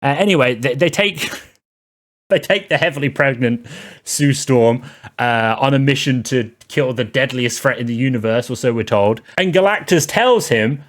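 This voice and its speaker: A man's voice: mid-range voice, normal speed. A man giving a sarcastic, rambling spoken film review, full of exasperated asides.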